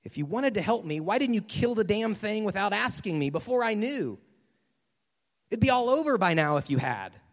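A man's voice: sits high, huge pitch swings, moderate pace, heavily acted. A man doing a whiny, fretful ghost in a big hall. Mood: pleading. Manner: flustered, pleading, making excuses.

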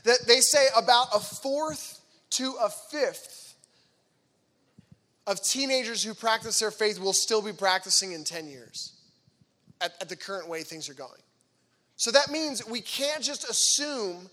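A man in his thirties speaks to teenagers in a lively, conversational faith talk, slipping into acted-out voices for the people he quotes. His voice sits high for a man and has a bright, forward edge. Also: a little slow. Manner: animated, acts out voices in quoted dialogue; chatty and conversational, with frequent fillers. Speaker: youth speaker.

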